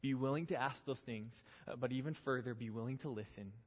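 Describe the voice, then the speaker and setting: A man preaching a youth sermon in earnest, building intensity through repeated phrases and then dropping soft. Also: medium pitch, brisk. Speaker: youth pastor. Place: church hall. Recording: echoey hall, dull lo-fi sound.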